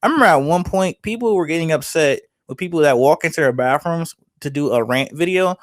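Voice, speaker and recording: A young man co-hosting a podcast, talking in a lively, rambling way with lots of "like" and swearing. His voice sits fairly high for a man. The sound is close and dry, with no room around it. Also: a little fast, no echo. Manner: animated, swearing, laughing, lots of "like". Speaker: podcast co-host. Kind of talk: casual podcast chat.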